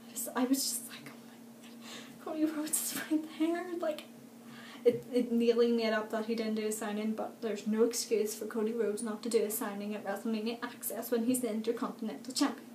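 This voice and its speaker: A young woman, chatting excitedly in a casual vlog, full of fillers. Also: a little high, fast, hardly any pauses. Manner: chatty and gushing, many fillers, laughs often. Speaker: vlogger. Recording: echoey room with faint background noise.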